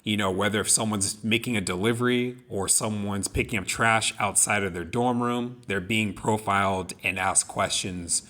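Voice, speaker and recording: A man's voice: lowish voice, fairly even intonation, normal speed, few pauses, sharp tone. A young man co-hosting a podcast, telling personal stories in an earnest, reflective way. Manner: earnest, reflective storytelling with many restarts. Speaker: podcast co-host. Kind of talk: casual discussion of song lyrics.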